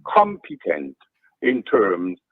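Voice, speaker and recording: A man on a radio talk show, speaking in a deliberate way and walking the other speaker through a chain of leading questions. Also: deep voice, huge pitch swings, dry recording, narrow, tinny audio.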